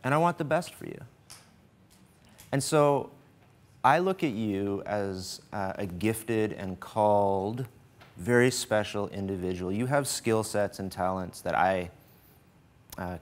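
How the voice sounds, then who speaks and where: Guest man in his 40s, lowish voice, easygoing and joking, thoughtful delivery. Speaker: host's husband, guest. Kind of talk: casual on-stage conversation. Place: studio stage with live audience.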